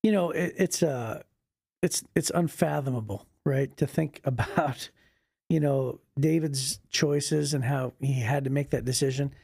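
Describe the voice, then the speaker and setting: A man co-hosting a church talk, discussing a Bible story in a gravelly voice with an emphatic, conversational manner. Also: mid-range voice, measured pace, darkish tone, no echo, studio quality. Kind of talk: casual discussion.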